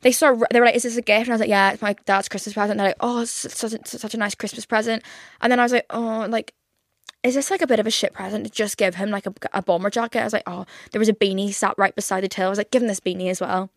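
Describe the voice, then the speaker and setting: A woman's voice: medium pitch, fairly even intonation, very fast, no echo, studio quality. A woman, rambling through casual solo podcast chat and swearing freely. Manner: chatty, rambling and swears a lot. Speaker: podcast host.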